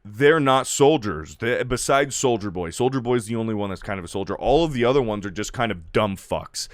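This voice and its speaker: A man's voice: fairly low pitch, lively intonation, brisk, hardly any pauses, dry recording, studio quality. A man giving a casual, profanity-heavy spoken review and loosely recapping a plot as the channel's host. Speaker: video reviewer.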